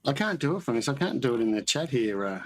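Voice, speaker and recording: With a fast, sing-song delivery at medium pitch, a homebrewing livestream host samples his beer and chats casually, rambling and self-correcting as he goes. Slight background noise is audible in the low-quality recording.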